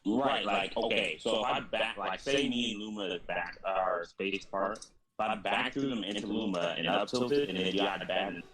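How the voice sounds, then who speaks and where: A man's voice: lowish voice, normal speed, a bit bright, slightly rough. A man chatting casually with a friend while playing a fighting game, swearing and keeping his replies short. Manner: laid-back, curse-laden, brief replies. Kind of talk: casual gaming chat.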